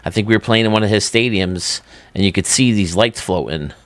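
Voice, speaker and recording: A man's voice: fairly low pitch, a little fast, dry recording. A man hosting his own channel, chatting casually and enthusiastically while touring video game stadiums, often laughing at himself. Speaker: YouTube host.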